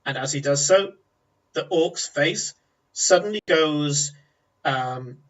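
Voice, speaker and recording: Male GM, descriptive tabletop narration, tense bright tone. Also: fairly high pitch, slow, highs cut off. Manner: descriptive, with fillers and restarts. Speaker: game master. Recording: voice a bit far from mic.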